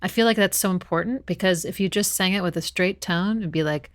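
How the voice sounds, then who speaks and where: A woman's voice: fairly low pitch, a little fast, hardly any pauses. A woman hosting her channel, chatting enthusiastically through a music analysis and humming short snippets as she explains. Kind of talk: casual music analysis commentary.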